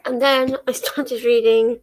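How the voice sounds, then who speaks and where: A woman's voice: on the high side, level tone, unhurried. An English young woman hosting a book livestream, chatting casually with many ums and small laughs. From England. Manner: chatty, rambling, lots of ums and little laughs. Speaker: book vlogger hosting a reading sprint. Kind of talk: casual chat to a livestream audience.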